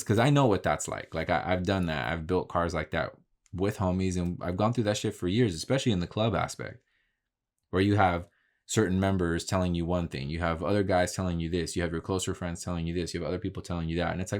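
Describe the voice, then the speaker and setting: A man's voice: low-pitched, fairly quick. A man talking in a casual, candid vlog monologue, swearing freely and telling stories about his work. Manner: profane, candid, talks through stories. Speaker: vlogger.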